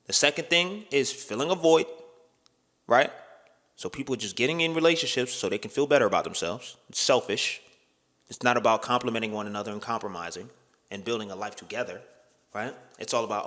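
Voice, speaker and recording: A man's voice: medium pitch, expressive, fairly quick, pushed and bright, in a large hall. A young man talking bluntly into the camera in a casual opinion monologue. He swears freely and keeps asking "right?" and "you know what I'm saying". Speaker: vlogger.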